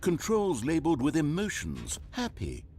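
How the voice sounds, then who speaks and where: A man with a higher voice and huge pitch swings narrates at a moderate pace as a wry, omniscient storyteller in a video game. His tone is darkish and his delivery dry and mock-dramatic, with slight background noise.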